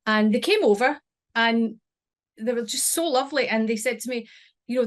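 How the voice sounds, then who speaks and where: Middle-aged woman telling a raw story. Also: on the high side. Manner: emotional, halting, with many restarts. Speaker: podcast guest. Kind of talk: personal storytelling.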